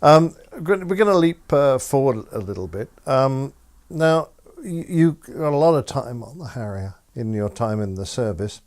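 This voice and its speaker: Male interviewer, mid-pitched. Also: big pitch swings, moderate pace, darkish tone. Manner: friendly, prompting, hesitant fillers. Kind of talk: conversational interview questions.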